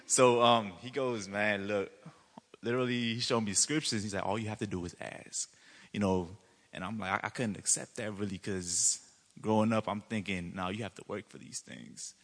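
Bright-voiced young man telling a testimony. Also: lowish voice, moderate pace, in a large hall. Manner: animated storyteller, acts out his excitement. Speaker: student giving a testimony. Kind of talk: church testimony.

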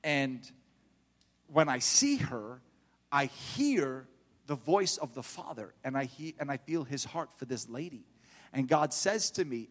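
A middle-aged man preaching a fervent sermon in church, building to loud exhortation. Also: medium pitch, very animated, measured pace, in a large hall.

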